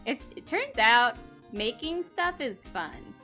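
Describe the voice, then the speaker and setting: Young woman streamer, bright and giggly, unhurried. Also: on the high side, soft background music. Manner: giggly, chatty, animated. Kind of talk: casual live-stream chat.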